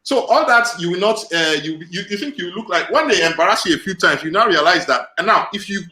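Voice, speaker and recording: Man from Nigeria, high and bright voice, lively storyteller, echoey room. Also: fast. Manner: animated storyteller, acts out quoted voices. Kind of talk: casual chat.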